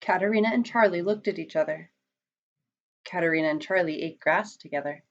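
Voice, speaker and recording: A woman storyteller reading a children's picture book aloud, in an expressive, dramatic manner. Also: lowish voice, brisk. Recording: dull lo-fi recording.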